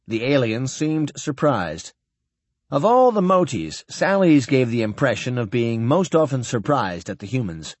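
A man giving an expressive scripted narration of a science fiction novel. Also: medium pitch, unhurried, no room sound. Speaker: audiobook narrator.

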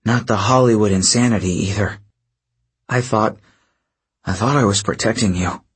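A man reading aloud, voicing a frail, shaken middle-aged father in a low, quiet, trembling voice in a storybook. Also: normal speed, breathy edge.

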